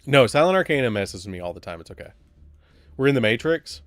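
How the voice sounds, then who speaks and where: A man's voice: mid-range voice, very animated, quick pace, no room sound. Southern man chatting on a live stream. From Alabama, US. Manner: joking, rambling, talks to chat. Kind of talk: casual live-stream chat. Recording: dry with faint music behind.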